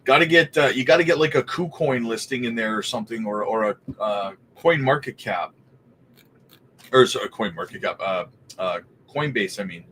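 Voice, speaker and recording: A man of ordinary middle pitch hosts a relaxed livestream, talking in a loose, chatty way. He keeps calling out viewers by name and laughs easily between remarks. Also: moderate pace, a little hiss or hum. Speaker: crypto livestream host. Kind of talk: casual livestream chat.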